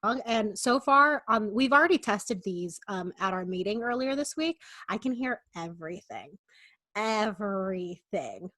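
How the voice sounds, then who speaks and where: A woman's voice: medium pitch, lively intonation, measured pace, sharp tone, dry recording. A young woman co-hosting a podcast, chatting casually and telling stories in a playful, teasing way with fillers. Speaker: podcast co-host. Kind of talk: casual chat.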